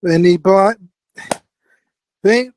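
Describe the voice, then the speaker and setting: Slow, high-voiced exasperated radio storyteller man. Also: a little mellow, a little hiss or hum. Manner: exasperated, halting, scolding a sound operator. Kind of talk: comedic live radio storytelling.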